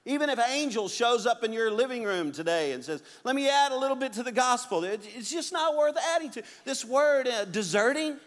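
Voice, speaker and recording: A middle-aged man preaching a sermon as a pastor, animated and acting out the quotes and stories he tells. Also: very high-pitched, fairly quick, few pauses. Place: church sanctuary. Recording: long hall reverb.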